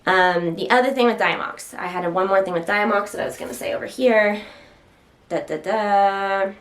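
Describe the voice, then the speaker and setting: A woman's voice: mid-range voice, fast, a bit bright. A woman casually chatting to the camera at home while standing, slightly out of breath, rambling and interrupting herself with occasional stutters. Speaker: health vlogger.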